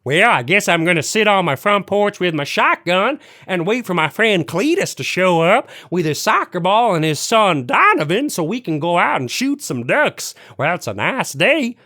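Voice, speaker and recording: A man voicing a stereotyped rural Southern American man with a slow, exaggerated drawl. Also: high-pitched, big pitch swings, pushed and bright, exaggerated voice. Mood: folksy.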